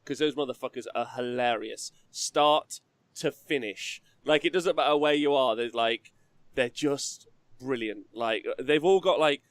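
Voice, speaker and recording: A man's voice: medium pitch, measured pace, dry recording. A man from England, hosting a casual, rambling chat show, swearing and laughing as he talks. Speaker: podcast host.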